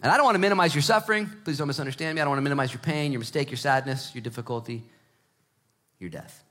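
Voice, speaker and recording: A man in his thirties or forties preaching a sermon in a conversational, joking way, dropping to hushed emphasis and then rising to loud, excited stretches. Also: medium pitch, racing. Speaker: pastor.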